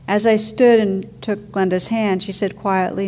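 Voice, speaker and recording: Soft, mellow-voiced woman teacher. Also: medium pitch, level tone, a little hiss or hum. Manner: slow, gentle, thoughtful delivery. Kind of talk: reflective talk with a story read aloud.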